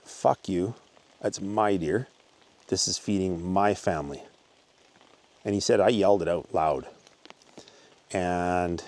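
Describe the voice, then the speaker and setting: A man's voice: low-pitched, a little mellow. A man hosting his own channel, casually retelling a story he was told, with lots of restarts and fillers. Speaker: channel host. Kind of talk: casual storytelling while hiking. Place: outdoors on a mountain hike.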